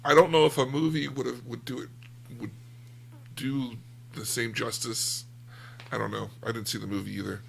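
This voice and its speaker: A man with a gravelly voice, talking casually about a book on a podcast, rambling and self-deprecating. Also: mid-range voice, steady tone, moderate pace, pauses often, a little hiss or hum. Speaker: podcast co-host.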